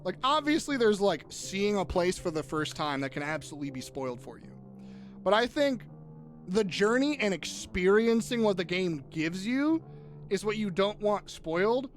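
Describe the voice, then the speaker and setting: A young man chatting casually on a live gaming stream, jokey and swearing, quick to tear up. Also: high voice, soft background music. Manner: animated, swearing, jokey, easily teary.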